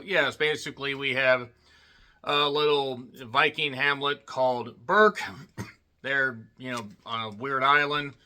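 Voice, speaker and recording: Bright-voiced sarcastic male movie reviewer. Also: mid-range voice, fairly even intonation, slow pace. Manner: sarcastic, joking asides. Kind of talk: casual spoken movie review.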